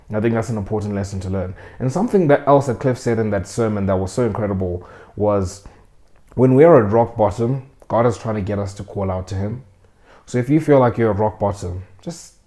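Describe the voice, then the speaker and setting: Young guy giving a chill faith talk, mellow and kinda low, acts out the quotes. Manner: earnest, conversational, acts out quoted voices. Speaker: host. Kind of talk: casual faith talk to camera.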